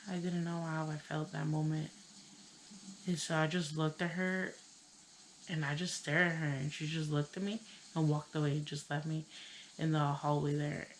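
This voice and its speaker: Young chicana woman telling a story, low voice, lots of "like" and "you know", faint hum behind. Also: low-quality recording. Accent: Chicano English. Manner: heavy use of "like" and "you know", halting. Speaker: vlogger. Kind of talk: casual storytelling.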